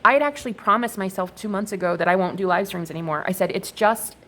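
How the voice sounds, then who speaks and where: Woman, young adult, spiritual vlogger, casual rambling, profane, animated storytelling. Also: medium pitch, fast. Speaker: spiritual vlogger reading oracle cards. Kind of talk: casual rambling monologue to viewers.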